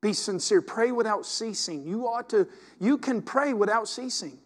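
A male pastor with a fairly high voice delivers an impassioned sermon. He drops to hushed, confiding asides, then rises to loud, urgent exhortation. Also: lively intonation, normal speed.

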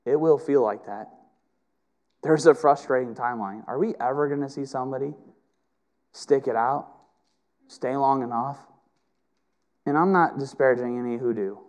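A middle-aged man preaching a sermon with passion, rising to loud emphatic peaks and dropping to quiet, intimate stretches. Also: medium pitch, normal speed, pauses often. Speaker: pastor.

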